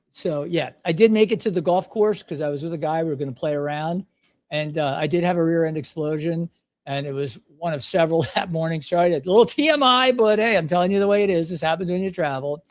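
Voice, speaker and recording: A man's voice: fairly high pitch, fast. Chatty man in his sixties. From United States. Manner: chatty, self-deprecating, anecdotal. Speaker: podcast host. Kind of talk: casual storytelling.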